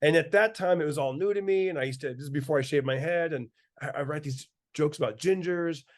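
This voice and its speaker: Animated male comedian telling stories. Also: a little high, brisk. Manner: animated storyteller, laughs through his words. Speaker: comedian guest. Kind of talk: casual chat.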